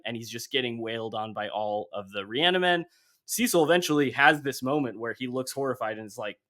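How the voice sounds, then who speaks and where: A man hosts a casual podcast, walking his co-hosts through a comic book storyline with lively energy. He slips into quick bits of dialogue for each character as he goes. His voice sits at an ordinary middle pitch. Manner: animated storytelling, acting out comic dialogue in passing. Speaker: podcast host.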